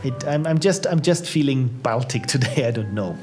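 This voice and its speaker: A man's voice: medium pitch, lively intonation, normal speed, darkish tone, faint music behind. A man casually commenting while live-streaming and trying out indie games, chatty and upbeat, reacting aloud to what he sees. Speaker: streamer playing viewers' games.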